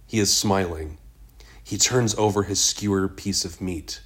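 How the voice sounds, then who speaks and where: A man reads a first-person story aloud as an audiobook narrator, his voice sitting very low. His delivery is slow and measured, with an even, steady pace.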